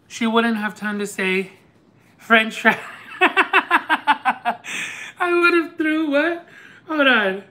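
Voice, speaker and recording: A man hosting a live eating stream, telling a story in an animated, chatty, lightly sarcastic way. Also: high-pitched. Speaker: mukbang host. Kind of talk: casual storytelling while eating on a livestream.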